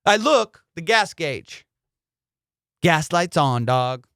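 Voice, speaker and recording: Animated storytelling comedian, clear voice. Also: male voice, on the high side, takes it slowly, dry recording, studio quality. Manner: excitable, profane, slangy. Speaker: comedian podcast host.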